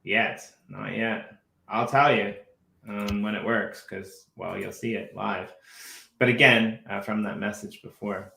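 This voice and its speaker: A man's voice: on the low side, steady tone, a little slow, vocal fry, pushed and bright. A man co-hosting a casual live stream, rambling and restarting his words as he talks. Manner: rambling, repeats words, laughs often. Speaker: co-host. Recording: echoey room.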